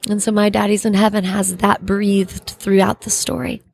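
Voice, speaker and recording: A middle-aged woman, an actress being interviewed, giving an earnest, halting faith testimony and searching for her words. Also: mid-range voice, steady tone, vocal fry, darkish tone.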